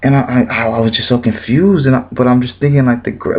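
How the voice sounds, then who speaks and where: A young man vlogging, telling a personal church story with emotion, animated and repetitive, his voice leaping high when he quotes people. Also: brisk, creaky, hardly any pauses, phone-quality sound. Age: young adult.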